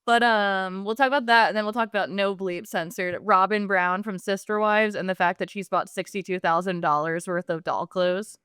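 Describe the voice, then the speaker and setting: A woman's voice: mid-range voice, steady tone, fairly bright tone, smooth, dry recording, studio quality. A woman co-hosting a podcast in casual chat, teasing her co-host and asking questions. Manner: teasing, quick to laugh, asks questions.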